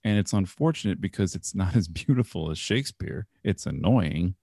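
Male podcast co-host, low gravelly voice, wry storyteller, dry close recording. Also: expressive, moderate pace, dark tone, no room sound. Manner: wry, storytelling, laughs often. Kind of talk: casual movie review chat.

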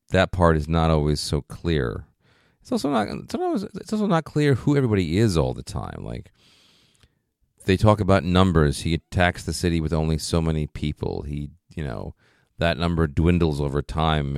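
A man with a low voice talks through a film's story in a relaxed, rambling way, stacking up "you know" and "like" as he thinks. His voice sits close and dry, with no room echo. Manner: thoughtful, rambling, frequent fillers like "you know" and "like". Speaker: film discussion co-host. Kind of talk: casual film discussion.

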